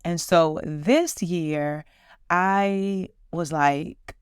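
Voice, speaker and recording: Speaking at a moderate pace in a low, clear and resonant voice, a woman in her forties hosts a casual solo podcast. She reflects on her own life in a warm, upbeat storytelling style. The studio sound is clean with no echo.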